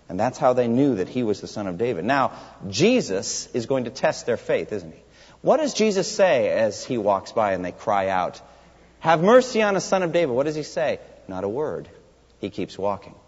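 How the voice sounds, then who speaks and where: A man's voice: on the high side, darkish tone. A man preaching an expository sermon in a church sanctuary, emphatic and putting rhetorical questions to the congregation. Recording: long hall reverb, dull lo-fi sound.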